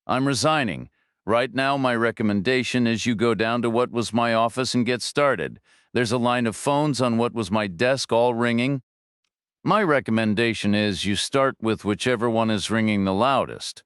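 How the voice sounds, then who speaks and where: A man voicing a furious, panicking male finance director who shouts insults while out of breath. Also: mid-range voice, normal speed, smooth, dry recording, clean studio sound, lightly acted. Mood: contemptuous.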